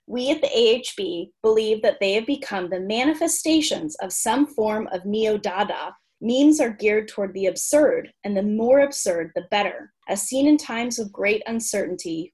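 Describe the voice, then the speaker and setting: Co-host reading out loud, husky tone, wry playful asides, medium pitch. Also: female voice. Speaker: podcast co-host. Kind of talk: reading a written entry aloud, casual chat.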